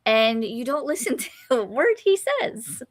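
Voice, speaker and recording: A woman's voice: high-pitched, very animated, measured pace, no room sound. A woman co-hosting a casual livestream, chiming in with wry, brief asides and agreement. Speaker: livestream co-host. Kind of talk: casual chat.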